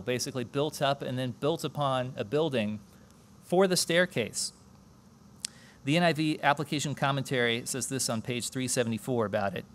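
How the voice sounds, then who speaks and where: A man preaching a conversational sermon at a church service, explaining scripture and asking the congregation questions. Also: mid-range voice.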